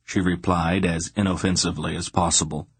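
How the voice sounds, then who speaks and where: A man narrating an audiobook in a steady, expressive reading. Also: low-pitched, a little fast, slightly rough, no room sound.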